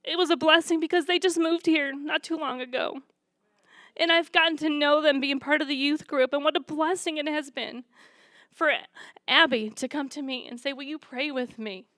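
A woman's voice: high voice, fairly even intonation, normal speed, fairly bright tone, dry recording. A woman sharing a chatty, upbeat testimony about a youth trip at church. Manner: chatty, upbeat, laughs while telling stories. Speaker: youth leader giving testimony.

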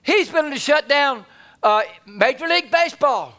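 A man preaching a sermon in a folksy, animated way, swinging from loud to hushed. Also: very high voice, normal speed.

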